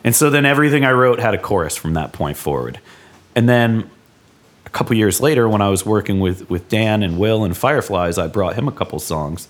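A man, a songwriter, in a relaxed, rambling podcast chat, laughing often. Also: fairly low pitch, brisk. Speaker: songwriter guest.

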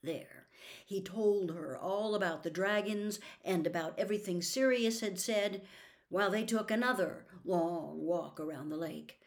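A woman reading a novel aloud as a serialized storytime episode, softly, slipping into a whisper at tense moments. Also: mid-range voice, a little slow. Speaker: audiobook reader.

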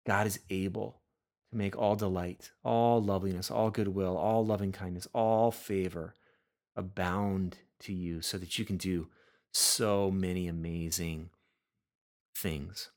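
A man's voice: sits low, fairly even intonation, unhurried. A man preaching a sermon in an earnest way, often repeating words and restarting his sentences. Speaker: pastor.

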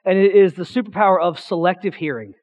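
A young man giving a youth pastor's sermon in a church, a loud, excitable talker who rambles with restarts and acts out the voices in his stories. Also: high voice, quick pace, dull audio. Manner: chatty storytelling with restarts, acting out quotes. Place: church sanctuary.

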